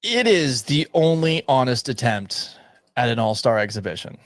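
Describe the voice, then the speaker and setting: A male sports radio host with a sore throat, speaking in a subdued, near-monotone way with dry humor in a studio. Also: medium pitch, normal speed, no echo. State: sore throat, swollen tonsils. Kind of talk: sports talk radio monologue.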